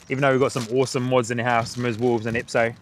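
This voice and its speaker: A man streaming plane-spotting live from outside near a runway speaks in a mid-range voice, with slight background noise around him. Chatty throughout, he reads comments aloud and greets viewers by name.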